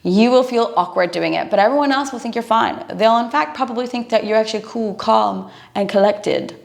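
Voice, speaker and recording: A woman's voice: fairly high pitch, brisk, creaky. A woman breathing coach giving an earnest, encouraging instructional talk to camera.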